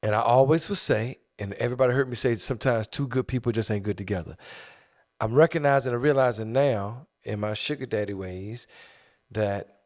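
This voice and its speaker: Loud profane man podcast co-host. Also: mid-range voice, fairly quick. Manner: loud, profane, jumps in and talks over. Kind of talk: casual podcast chat.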